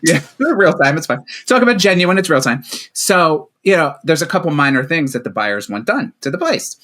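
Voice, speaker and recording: A middle-aged man, a coach guesting on a podcast, chats casually and conversationally, tossing in self-deprecating, joking asides. His voice sits on the high side with a fairly bright tone, big pitch swings, and a normal speed.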